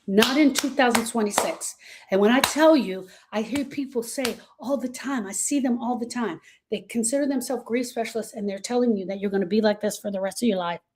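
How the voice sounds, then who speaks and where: This woman, a grief coach, speaks briskly in a fairly high pitch while motivating viewers she addresses as "girl." Her delivery is emphatic and repetitive, sliding quiet before climbing loud.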